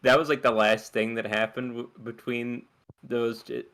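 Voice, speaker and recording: A man's voice: medium pitch, little pitch movement, normal speed, fairly bright tone. A man player chatting casually during a tabletop game, rambling and trailing off mid-thought.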